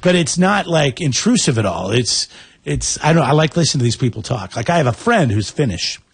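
Husky man in rambling casual chat. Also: mid-range voice, very animated, fairly quick, no echo. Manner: rambling, amused, full of fillers.

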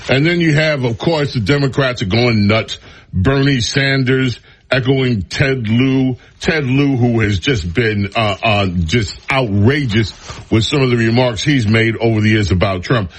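A man's voice: medium pitch, a little slow, husky. A man hosting a talk radio show, giving sarcastic, opinionated commentary on the news with frequent sighs and laughs.

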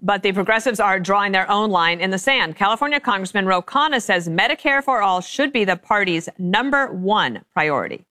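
A woman hosting a TV panel talk show, brisk and conversational as she opens the hour and leads into clips. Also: medium pitch, no echo. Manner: brisk, conversational, lively intros. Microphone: studio mic. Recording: dry studio sound.

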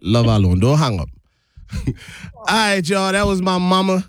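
A man's voice: sits high, very animated, a little slow, no room sound. A man hosting a live radio show, chatting and laughing as he coaxes a caller along. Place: radio studio. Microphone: studio microphone.

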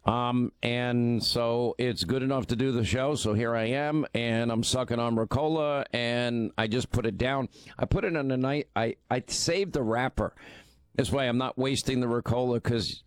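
Talk radio host with a worn voice. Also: male voice, medium pitch, normal speed, clean tone, no echo. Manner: conversational, self-deprecating banter. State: strained, worn voice from overuse.

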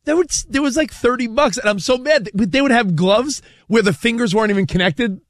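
A man's voice: extremely high pitch, brisk, no echo, clean studio sound. Chatty man co-hosting a talk show. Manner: chatty, enthusiastic tangents. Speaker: co-host. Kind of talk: casual chat.

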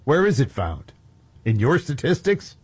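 A man's voice: medium pitch, very animated, a little slow, darkish tone, husky, dry recording. A man co-hosting a talk radio show, trading casual, scoffing banter and reading news stories. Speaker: co-host.

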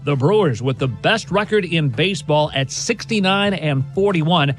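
A man reads a sports news update in a brisk, scripted way. His voice sits a little high. Faint music plays behind him. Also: lively intonation, low-quality recording.

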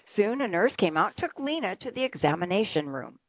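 A woman's voice: mid-range voice, sing-song, brisk, no room sound. A woman co-hosting a radio show, telling jokes and stories with a giggly, self-mocking manner.

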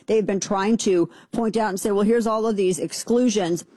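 A female show host delivers a forceful, opinionated political commentary monologue, repeating points for emphasis. Her voice is mellow and medium-pitched, at a normal speed, with no echo.

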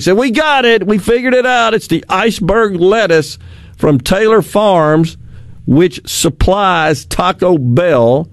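A male talk radio host with a slightly high voice, sardonic and quick to laugh at the news. He mocks officials in put-on quoted voices. The sound is dry and close, with no room around it. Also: dry recording. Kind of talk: casual talk radio commentary.

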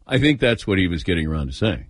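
A man hosting a sports talk radio show, telling a story with lively acted-out quotes and taking calls. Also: deep voice, fast talker, slight background noise. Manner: animated storyteller, acts out quoted voices.

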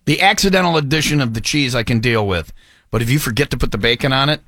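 A man's voice: mid-range voice, lively intonation, fast, a bit bright, no room sound, clean studio sound. A man co-hosting a morning radio show in casual, joking banter. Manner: joking, chatty.

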